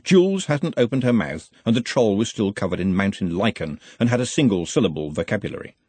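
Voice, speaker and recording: A man reading a fantasy novel aloud as narrator, with an expressive delivery. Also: on the low side, a little fast, breathy edge, no room sound. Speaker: audiobook narrator. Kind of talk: scripted narration.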